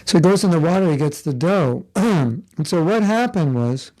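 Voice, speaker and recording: A man's voice: a little high, animated, moderate pace, darkish tone. A man giving a conversational devotional class, telling a story with asides and jokes. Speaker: spiritual teacher. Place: Florida.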